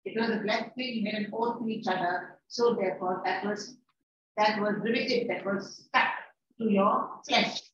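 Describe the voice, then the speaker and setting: A woman's voice: mid-range voice, normal speed. A woman teacher giving a classroom lecture. She paraphrases the lines she reads, repeats herself and scolds her students. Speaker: English teacher. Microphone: distant room mic. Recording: echoey, distant, dull and noisy.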